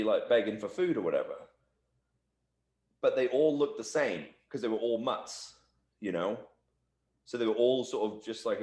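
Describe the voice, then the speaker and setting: A man's voice: mid-range voice, darkish tone, echoey room. A man being interviewed as a guest, telling loose, rambling stories full of "like" and "you know.". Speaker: professional wrestler, interview guest. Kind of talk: casual shoot interview storytelling.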